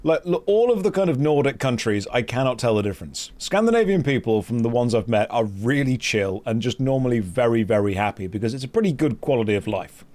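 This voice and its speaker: A man's voice: mid-range voice, animated, fairly quick, few pauses, a little mellow. A British man hosting a gaming stream, chatting casually and telling rambling anecdotes with wry humour. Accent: British English. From Britain. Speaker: streamer host. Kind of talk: casual chat while gaming.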